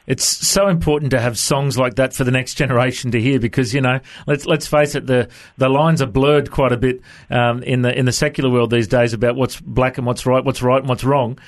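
A man's voice: medium pitch, fairly even intonation, brisk, hardly any pauses. A man hosting a Christian radio interview, asking questions in an affirming way with frequent restarts. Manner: warm-hearted, affirming, hesitant restarts.

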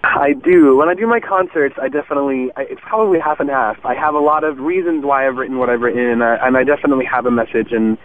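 A young man talks earnestly and openly, dropping in plenty of "um" fillers as he goes. His voice comes through a thin, phone-like line with a faint hiss underneath. His pitch sits in a middle range. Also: fast talker, hardly any pauses. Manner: earnest, warm, frequent "um" fillers. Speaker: guest musician. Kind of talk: casual interview.

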